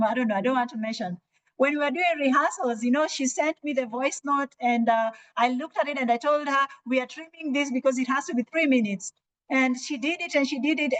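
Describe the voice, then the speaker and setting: A woman's voice: high voice, poor audio. A woman mentor on a webinar call, encouraging participants and telling how a rehearsal went. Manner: encouraging, tells a rehearsal story. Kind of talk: online webinar talk.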